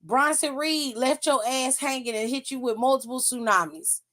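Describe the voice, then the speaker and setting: A woman's voice: normal speed, a bit bright. A young adult woman hosting a wrestling aftershow, recapping it in a blunt, profane, exasperated rant. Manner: blunt, profane, exasperated, laughs and pitch jumps up when mocking.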